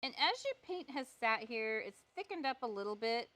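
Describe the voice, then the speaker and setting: A woman's voice: on the high side, big pitch swings, moderate pace, bright, forceful tone. Chatty woman teaching a painting class. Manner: chatty, playful and self-deprecating. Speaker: painting instructor. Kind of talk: step-by-step live art tutorial.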